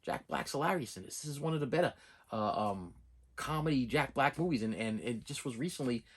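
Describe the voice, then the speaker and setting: Middle aged guy vlogging, husky bright voice, rambly and repeats himself a lot, pitch all over the place. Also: brisk. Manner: animated, repetitive storytelling with restarts. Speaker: movie collector vlogger. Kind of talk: rambling casual monologue.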